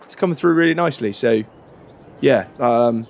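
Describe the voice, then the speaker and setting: A man, chatting in a relaxed, rambling way during a farming game roleplay. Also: medium pitch, moderate pace, gravelly. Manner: relaxed, chatty, many fillers and restarts. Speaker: roleplay creator.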